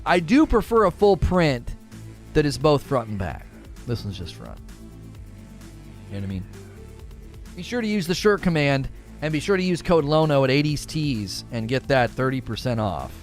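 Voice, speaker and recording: A man hosting a livestream, chatting casually with viewers and reading out their comments, animated and given to trailing off quietly at the ends of his thoughts. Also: moderate pace, soft background music. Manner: animated, with sudden high-pitched bursts when quoting. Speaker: livestream host.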